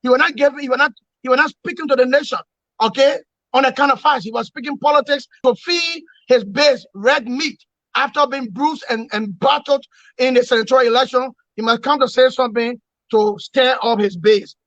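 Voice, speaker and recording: A man giving forceful political analysis in an interview, emphatic and repetitive, lecturing his points. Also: very high-pitched, brisk, dry recording, muffled recording. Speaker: opposition commentator.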